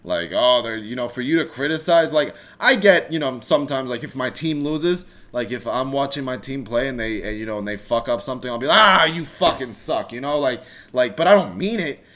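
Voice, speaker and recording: A man's voice: medium pitch, fairly quick, few pauses. A man hosting a solo live-streamed podcast, ranting casually with lots of swearing, restarts and rambling asides. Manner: rambling, animated, swears freely, many restarts. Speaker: podcast host.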